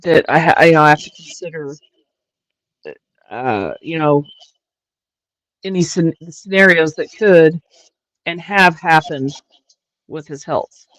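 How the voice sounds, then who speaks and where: Slow, halting woman on a livestream. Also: low voice, dry recording, poor audio. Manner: halting, many restarts and fillers. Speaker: livestream host. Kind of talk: casual chat.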